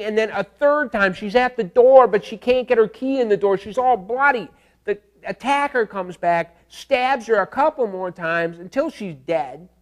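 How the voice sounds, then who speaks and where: A man teaching a class in a casual lecture, telling stories with animation and often checking in with "okay?". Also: sits high. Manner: animated storytelling, acts out screams and animal calls.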